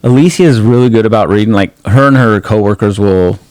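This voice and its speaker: A man with a fairly low voice chats casually as a podcast co-host. He meanders, trails off and circles back to his point. The sound is dry and close, with no room around it. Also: brisk, a little mellow, dry recording. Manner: rambling, loose, trails off and restarts mid-thought. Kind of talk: casual chat.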